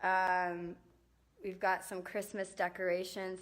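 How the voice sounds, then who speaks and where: Her mid-range voice holds steady, bright and forceful, at an unhurried pace. The young singer-songwriter is casually live streaming from inside and outside her home on a handheld phone, wandering off-topic and apologizing amid many fillers and restarts.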